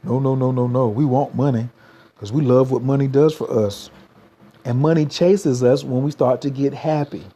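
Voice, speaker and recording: A man's voice: medium pitch, steady tone, moderate pace, dark tone. A man, giving a motivational livestream talk as a spiritual coach, repeating slogans and urging viewers to type them.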